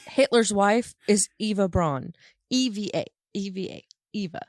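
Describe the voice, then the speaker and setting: A woman's voice: medium pitch, unhurried, a little mellow, dry recording, clean studio sound. A woman co-hosting a podcast, chatting casually in a blunt, insistent way and correcting her partner. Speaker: podcast co-host. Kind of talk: casual chat.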